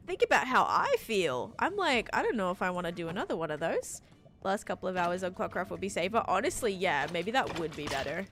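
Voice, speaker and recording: Chatty young woman streaming with lively pitch. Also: brisk. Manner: chatty and rambling, many fillers, answers viewers. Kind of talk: casual live-stream chat, reading chat aloud. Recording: faint music behind voice.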